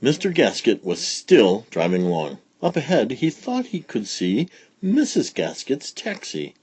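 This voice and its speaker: Expressive man reading a children's story. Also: mid-range voice, a little slow, husky. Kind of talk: read-aloud storytelling for children.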